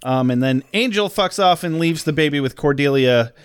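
Casting: male podcast co-host, slightly high voice, wry and jokey, dry close mic. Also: animated, moderate pace, clean tone, dry recording. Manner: wry, joking, swears freely. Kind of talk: casual episode recap.

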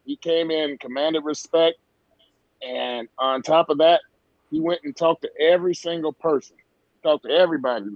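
A man who played pro baseball swaps stories in a casual sports talk. His voice sits a little high and he talks with emphasis. The sound is dry, dull and lo-fi. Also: normal speed, dry recording. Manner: storytelling, emphatic.

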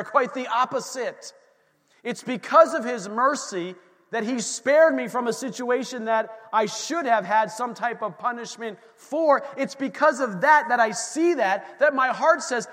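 A man in his thirties delivers a lively sermon, tossing in asides and humor for the congregation. His voice sits high for a man. The sound rings with the long reverb of a church hall. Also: measured pace. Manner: animated preaching with asides and humor. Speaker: pastor. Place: church sanctuary.

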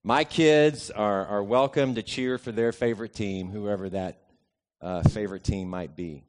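A middle-aged man, a pastor, giving a sermon in a conversational, easygoing way, telling a personal story and pausing often. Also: lowish voice. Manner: conversational and easygoing, with frequent pauses.

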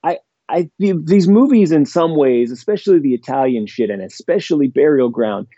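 Man, casual chat, rambling and enthusiastic, mellow dark tone, dull lo-fi sound. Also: a little high, animated, moderate pace, breathy edge, no room sound. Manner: rambling, enthusiastic, heavy on fillers. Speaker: podcast guest.

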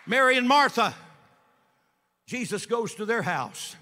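A man preaching a sermon as an evangelist, folksy storytelling that builds up to shouting. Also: extremely high pitch, very animated, measured pace, long reverb tail, a faint crowd. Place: church sanctuary.

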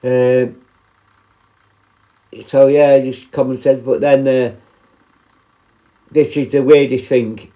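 A man speaks in a relaxed, mellow, darker voice. He tells stories casually, rambling from one point to the next, and he swears bluntly and often. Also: medium pitch, slow pace, long pauses, poor audio. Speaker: podcast host, former prison officer. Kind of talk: casual storytelling monologue.

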